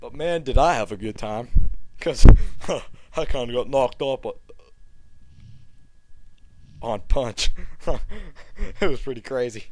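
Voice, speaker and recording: Cocky deadpan young man. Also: medium pitch, background noise. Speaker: comedic vlogger. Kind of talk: comedic storytelling monologue.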